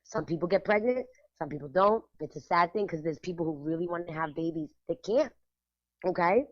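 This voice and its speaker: Lively woman co-host, emphatic, laughing, slips into Spanish; dry and dull lo-fi sound. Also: lowish voice, a little fast, no room sound. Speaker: art show curator and radio co-host. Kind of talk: casual radio chat.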